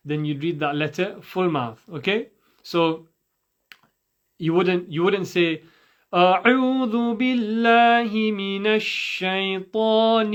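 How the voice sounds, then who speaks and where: A man teaching Quran recitation rules in a patient way, demonstrating and repeating sounds for the listener. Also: on the high side. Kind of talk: recorded recitation lesson.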